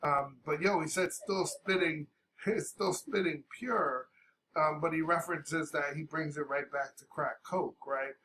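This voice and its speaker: A man's voice: fairly high pitch, pushed and bright, slight background noise. A sick man at home giving casual, laid-back reaction commentary on a rap track, with fillers and some coughing. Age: older adult. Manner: laid-back, talks over paused music with fillers. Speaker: reaction video host.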